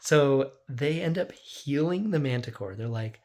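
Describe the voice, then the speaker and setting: A man's voice: medium pitch, lively intonation, measured pace, darkish tone. Guy dm rambling thru his game session recap, says like a lot, super casual. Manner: rambling, lots of "like", acts out quotes. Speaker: dungeon master.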